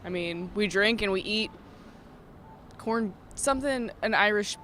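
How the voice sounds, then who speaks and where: A young person answering a street interviewer outdoors, casual and halting. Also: medium pitch, sharp tone, a little hiss or hum. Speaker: passerby interviewee.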